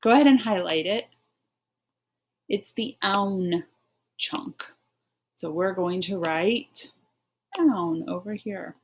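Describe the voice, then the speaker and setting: A woman teaching a phonics lesson online, taking her time over every word. She talks slowly and patiently, encouraging young readers as she reads a poem with them and points out its rhymes. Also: mid-range voice, slight background noise.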